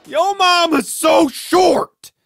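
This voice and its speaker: A narrator reading joke after joke in an over-the-top animated comedy delivery. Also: extremely high pitch, drawn-out words, vocal fry, music in the background.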